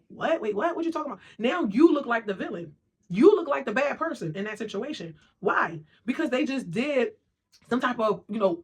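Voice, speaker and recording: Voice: mid-range voice, a bit bright, breathy edge. A motivational speaker giving an emphatic monologue, often checking in with "right?" and "okay?". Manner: acts out quoted voices of other people.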